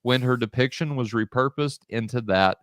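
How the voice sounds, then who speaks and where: A man co-hosting a casual podcast, unhurried and easygoing, reading out listener comments. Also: clean tone, no room sound, studio quality. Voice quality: normally a bass voice. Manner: laid-back, laughs a lot, reads out chat comments. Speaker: podcast co-host. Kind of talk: casual chat.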